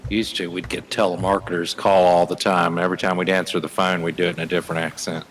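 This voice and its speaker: A man from the US South with a very deep voice trades dry one-liners while he plays a game online. Faint noise hums in the background. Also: quick pace, low-quality recording. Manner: dry, deadpan jokes. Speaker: co-player. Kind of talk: casual chat while gaming.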